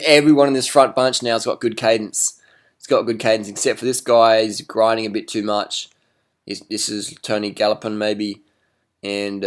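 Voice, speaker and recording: A man giving blunt, casual commentary over race footage, swearing and teasing the riders. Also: medium pitch. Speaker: cycling commentator.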